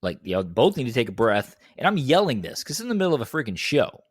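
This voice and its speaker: A young man tells a story on a podcast, his pitch swinging widely as he jumps into the voices of the people in it. The sound is dry and close, with no room around it. He talks casually and keeps the story moving. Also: fast talker, husky, no echo. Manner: animated, acts out quotes in a higher voice. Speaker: podcast co-host.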